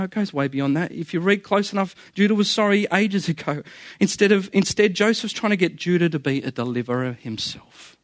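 A man's voice: fairly high pitch, no room sound, studio quality. A man preaching a sermon in an earnest, conversational way, often repeating phrases for emphasis.

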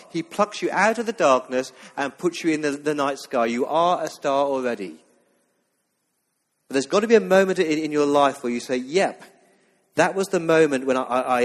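Earnest male preacher in a reverberant hall. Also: medium pitch. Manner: earnest, emphatic preaching with scripture reading. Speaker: pastor. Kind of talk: sermon. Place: church.

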